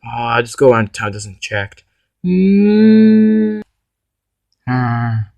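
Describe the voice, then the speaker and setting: A male voice acting out a homemade toy-car drama, with excited, stumbling, improvised lines. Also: mid-range voice, drawn-out words, clear, resonant tone, no echo.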